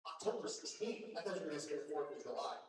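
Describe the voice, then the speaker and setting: Male county fair emcee, high-pitched, teasing and upbeat, caught on a distant PA mic in a booming ring. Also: animated, fast. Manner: playful, teasing banter with kids. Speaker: show emcee. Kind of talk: live announcing to a crowd. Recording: echoey, distant, faint noise.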